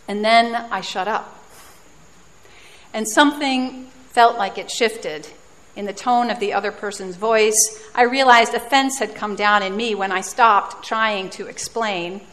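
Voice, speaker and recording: A woman's voice: mid-range voice, fairly bright tone. Woman preaching in a reverberant hall. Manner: reflective storytelling, self-deprecating humor. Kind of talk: sermon.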